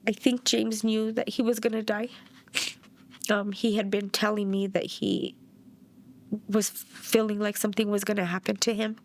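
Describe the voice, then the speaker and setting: A woman's voice: mid-range voice, little pitch movement, normal speed, a little hiss or hum. A middle-aged woman from New Mexico, a bereaved mother giving documentary interview testimony in a plainspoken way and acting out past dialogue.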